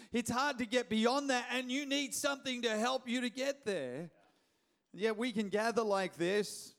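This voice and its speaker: A middle-aged Australian pastor with a fairly high voice tells a story from the pulpit. He jokes along the way and often restarts his sentences as he preaches. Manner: lively, joking, with quick restarts. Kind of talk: sermon storytelling.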